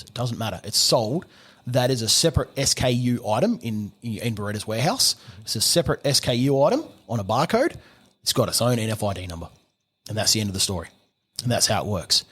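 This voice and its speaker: Australian gunsmith guest, middle-aged man, rambling casual explainer who acts out dialogue, mid-pitched voice. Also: slightly rough. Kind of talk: casual podcast chat.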